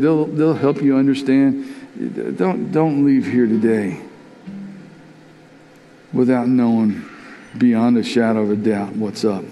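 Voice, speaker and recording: A man's voice: mid-range voice, mellow, a little hiss or hum. A man preaching a sermon as pastor, earnest and openly emotional, often repeating his words as he urges the congregation. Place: church sanctuary. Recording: long reverb in a big church hall.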